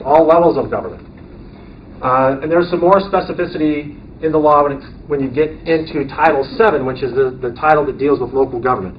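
An American man teaches a roomful of county board members in a relaxed, questioning way, often adding "right?" His voice sits slightly high. He is picked up from a distance on a muffled, lo-fi recording with faint room noise. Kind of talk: classroom training lecture. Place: meeting room. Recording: distant, dull mic with faint ambience.

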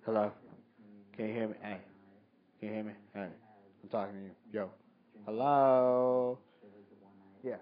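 A man's voice: fairly low pitch, level tone, brisk, long pauses. Slangy mocking man on a live stream. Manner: slangy, mocking, swears freely. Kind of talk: casual joking live commentary. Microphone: phone mic. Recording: dull lo-fi phone stream audio.

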